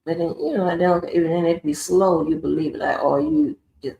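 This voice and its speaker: A woman's voice: on the low side, steady tone, brisk, creaky, warm tone, dull audio. A woman hosting a live stream, ranting in a profane, confrontational monologue. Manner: profane, confrontational, swears heavily. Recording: roomy echoey room.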